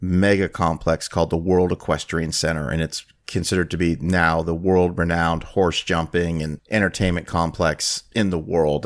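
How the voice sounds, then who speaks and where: A male podcast host spins a long anecdote in relaxed chat, his voice sitting on the low side. He gets animated, pushing his pitch up to play the people he quotes. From Florida. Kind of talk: casual storytelling chat.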